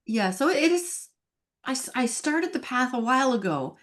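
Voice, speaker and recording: A woman's voice: high voice, very animated, normal speed, fairly bright tone. A woman in her fifties, a podcast guest, telling her personal faith story in an earnest, emotional way. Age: 50s. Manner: earnest and emotional, sighing and laughing at herself.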